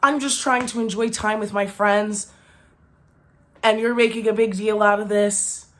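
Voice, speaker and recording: A woman's voice: medium pitch, steady tone, a little slow, natural voice. A woman mimicking a dismissive young man who scoffs at his date in exasperation. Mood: scoffing.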